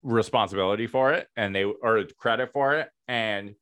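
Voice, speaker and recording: A man's voice: lowish voice, moderate pace, a bit bright, smooth, dry recording. A young man co-hosting a podcast in casual chat, blunt and sarcastic with plenty of swearing. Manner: blunt, profane, dry sarcasm. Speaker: podcast co-host.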